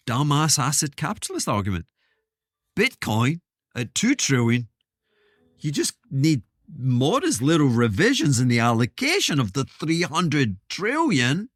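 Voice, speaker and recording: A man's voice: a little high, sing-song, unhurried, no room sound, studio quality. A man hosting his own podcast, talking in a rambling, self-interrupting way with wry asides. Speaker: podcast host. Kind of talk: casual solo monologue.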